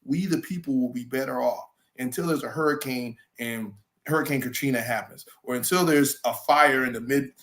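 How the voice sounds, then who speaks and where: A man's voice: mid-range voice, normal speed, few pauses, a bit bright. A man hosting a political talk show, arguing emphatically and mocking his opponents. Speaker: show host.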